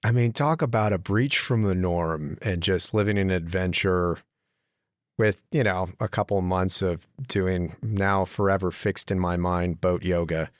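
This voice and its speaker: A man's voice: low voice, measured pace, no room sound, clean studio sound. A man hosting an interview, asking questions in an enthusiastic, joking way. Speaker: podcast host.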